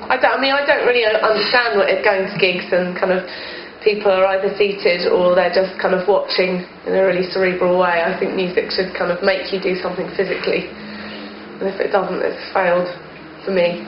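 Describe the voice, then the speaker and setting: A woman's voice: lowish voice, steady tone, brisk. A woman in a band, musing hesitantly in a casual interview and often saying "kind of". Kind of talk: casual chat. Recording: muffled, noisy, echoey old recording.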